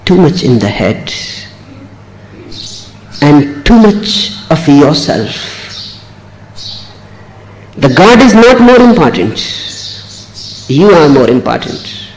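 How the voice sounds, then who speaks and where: A middle-aged man giving a spiritual discourse, speaking in short, emphatic phrases with slow, deliberate pauses. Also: fairly high pitch, big pitch swings, slight background noise, poor audio. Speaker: spiritual teacher.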